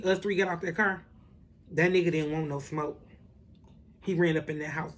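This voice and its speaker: A woman telling a story in a casual vlog, animated and profane, with lots of asides to the viewers. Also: sits low, slight background noise. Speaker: vlogger.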